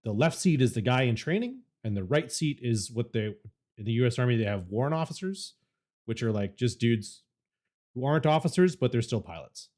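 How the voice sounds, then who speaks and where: A young man tells a story on a casual podcast, and his pitch swings widely as he goes. His talk is loose and full of swearing, with a mid-range voice. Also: fairly quick. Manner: animated, swears freely. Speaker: podcast co-host.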